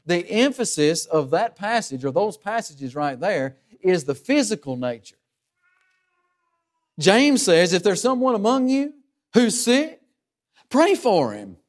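A high-pitched man preaching with real conviction. He fires rhetorical questions at his congregation, and his voice jumps up and down for emphasis. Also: very animated, measured pace. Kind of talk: sermon.

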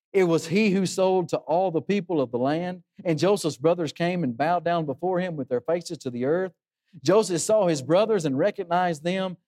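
Man, high voice, sermon, earnest preacher, rhetorical questions. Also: darkish tone.

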